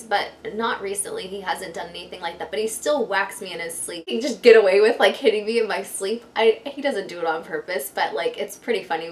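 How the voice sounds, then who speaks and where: A young woman vlogger chatting through a funny storytime from her bedroom, animated, with lots of fillers. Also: medium pitch, a little hiss or hum. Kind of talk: casual storytime.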